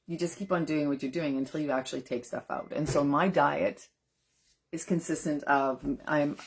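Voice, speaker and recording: This woman's deep voice has fairly even intonation and a normal speed, with a little hiss or hum in the recording. A nutrition coach, she chats casually on a live stream, speaking earnestly to viewers and answering their comments.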